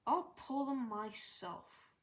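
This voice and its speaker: A woman reads as a proud red male steam engine, stubborn and determined, talking earnestly in a fairly everyday voice. The storybook reading is slow and unhurried. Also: a little high, lively intonation, a bit bright. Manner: earnest, sometimes sad, sometimes puffing with effort.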